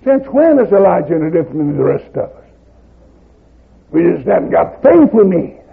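Gravelly shouting preacher on tinny tape. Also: male voice, high voice, big pitch swings, normal speed. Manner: swings from quiet storytelling to shouted preaching; plain folksy grammar. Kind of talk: sermon. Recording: tinny lo-fi recording.

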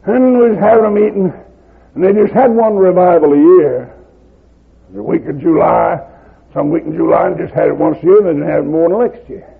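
A man preaching a sermon, moving from quiet, plainspoken storytelling into shouted, fiery preaching. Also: high-pitched, fairly quick, gravelly, breathy edge. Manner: plain folksy grammar. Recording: tinny lo-fi recording.

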